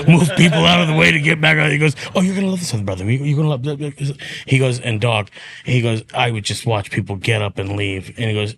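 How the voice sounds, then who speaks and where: A man's voice: mid-range voice, vocal fry. A man, a stand-up comedian guesting on a podcast, telling stories in casual chat and acting out what other people said, swearing freely. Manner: animated, acts out quotes of others, swears freely.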